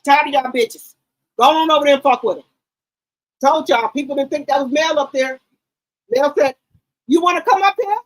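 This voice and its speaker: A woman hosting a gossip channel, giving casual, loud, profane commentary on reality TV and talking straight to her chat. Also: high voice, fairly even intonation, normal speed, long pauses, poor audio. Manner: loud, profane, emphatic hype.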